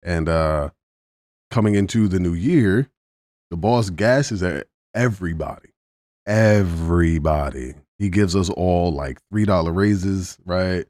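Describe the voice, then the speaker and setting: A young man with a very low voice chats on a podcast in a relaxed, slangy way. He backs up his friend, then tells his own work story. The room sounds dry and close. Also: slow pace, no echo. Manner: laid-back, supportive, slangy. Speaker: podcast co-host. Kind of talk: casual chat.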